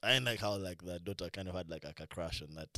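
A man in casual chat about movies, talking in slang with lots of "bro" and often trailing off into quieter asides. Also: sits low, quick pace, no room sound, studio quality.

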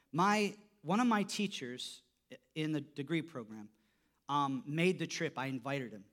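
A man preaching a sermon, telling a story, his voice dropping soft for quotes and rising when he stresses a point. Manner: storytelling, voice drops low for quoted lines and rises when emphatic. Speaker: pastor.

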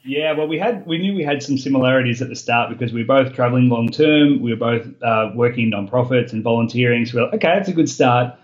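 Fast-talking Australian man. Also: medium pitch, dull audio. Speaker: podcast guest. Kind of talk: casual conversation.

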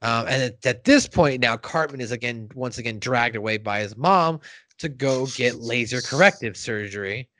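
A man's voice: medium pitch, moderate pace, fairly bright tone, no room sound. A man hosting a podcast, chatting casually with rambling jokes and crude language. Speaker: podcast host. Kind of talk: casual chat.

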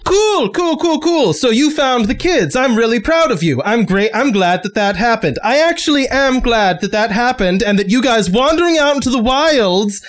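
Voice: medium pitch, expressive, normal speed, few pauses, pitched above the performer's own voice, natural voice. A game master voicing an exasperated, sarcastic male town sheriff who keeps repeating himself.

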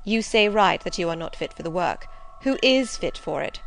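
A woman's voice: lowish voice, lively intonation, normal speed, vocal fry, a little hiss or hum. A woman reading the part of a stern, zealous male missionary in an audiobook, speaking in a solemn, insistent, preaching way. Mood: commanding, insistent.

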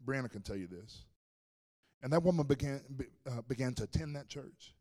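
Pastor guy preaching, telling a wild story, goes loud then real quiet, lively pitch. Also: a little fast. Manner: animated storytelling, swinging from loud to hushed. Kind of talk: sermon.

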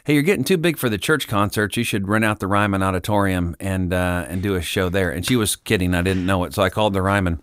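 A middle-aged man from Kansas, a podcast guest telling a story in casual chat, acting out the dialogue with lively voices. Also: low-pitched, fast, few pauses, clear, resonant tone, no room sound, clean studio sound. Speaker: podcast guest, Christian singer-songwriter.

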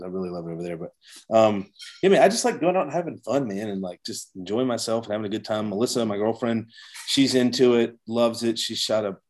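A man's voice: fairly low pitch, darkish tone. A man chatting as a podcast guest, a rambling storyteller who restarts his sentences often. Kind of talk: casual chat.

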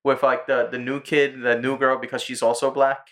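A man co-hosting a podcast in casual, profane chat, retelling cartoon episodes and breaking into squeaky impressions. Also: level tone, normal speed, a bit bright. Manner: profane, retells cartoon scenes with jumpy high-pitched impressions. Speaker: podcast co-host.

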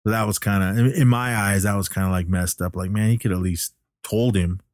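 Low-voiced man rambling through a movie plot. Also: steady tone, brisk, darkish tone, dry recording, clean studio sound. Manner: rambling, filler-heavy storytelling. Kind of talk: casual movie recap.

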